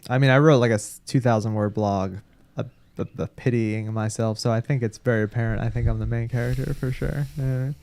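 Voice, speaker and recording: A man's voice: medium pitch, steady tone, a little fast, a little mellow. A man with a Boston accent chats on a podcast, swearing freely and poking fun at himself. His voice sits in a middle range for a man. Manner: crude, self-deprecating storytelling. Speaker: podcast guest. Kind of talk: casual chat.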